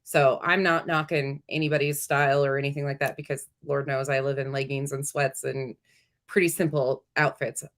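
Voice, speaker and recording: A woman with a low voice hosts a reaction commentary. She talks bluntly and casually, with plenty of fillers. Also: flat delivery, normal speed. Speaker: commentary host.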